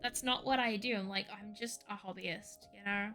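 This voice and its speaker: A woman's voice: mid-range voice, fairly even intonation, normal speed, sharp tone, soft background music. A woman streaming from home, chatting casually in a rambling, ranty way, with lots of "like". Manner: rambling, ranty, heavy use of "like". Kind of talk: casual chat.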